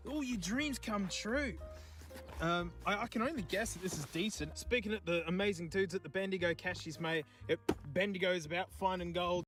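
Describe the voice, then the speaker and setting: An Australian streamer chats casually outdoors in remote bushland, joking and talking to whatever he finds along the way. His voice sits high with a steady tone, he speaks briskly, and music plays in the background.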